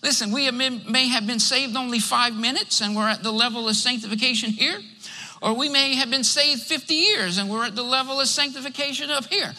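A male preacher with a strikingly high, very bright voice delivers a sermon, stacking up numbered points and punctuating them with amens. His voice carries a long reverb, as if spoken in a large church sanctuary. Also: brisk. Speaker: pastor.

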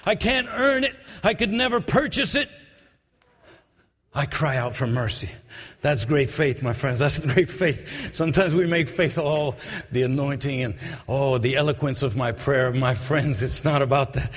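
A man preaching a sermon in a church. He moves from quiet, low passages to sung-out, shouted climaxes. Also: moderate pace, in a large hall.

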